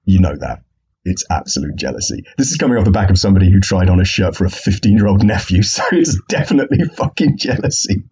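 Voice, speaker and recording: A man's voice: deep voice, sing-song, quick pace, warm tone, breathy edge, highs cut off. A man hosting a casual solo podcast, jokey and rambling, swearing freely. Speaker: podcast host.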